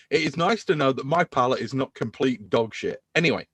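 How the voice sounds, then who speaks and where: A man's voice: medium pitch, a little fast, slightly rough, no room sound. A man hosting a podcast in casual chat, enthusing about beer. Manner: enthusiastic, animated beer talk. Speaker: podcast host.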